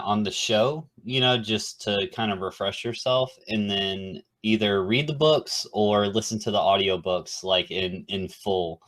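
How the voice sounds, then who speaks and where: A man's voice: on the low side, fairly bright tone. A man in casual chat, laid-back, swearing freely and saying "dude" and "you know" a lot. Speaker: podcast co-host.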